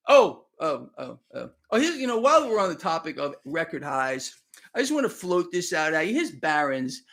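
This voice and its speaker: A man's voice: fairly high pitch, sing-song, normal speed, creaky, a bit bright. A man hosting a live stream of market commentary, talking straight to his viewers with sarcastic, exclaiming emphasis.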